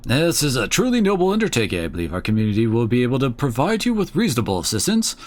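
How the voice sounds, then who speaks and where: Man reading as a humble high priest. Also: wildly swooping pitch, fast. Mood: gracious. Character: humble weathered male high priest, calm.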